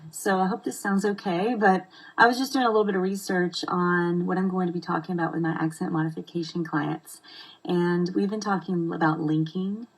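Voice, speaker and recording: Woman, speech coach, low voice, slightly husky, casual live lesson, explains slowly. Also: rough recording. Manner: relaxed, explains step by step with slow, deliberate examples. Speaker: accent modification coach. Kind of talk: informal live video lesson.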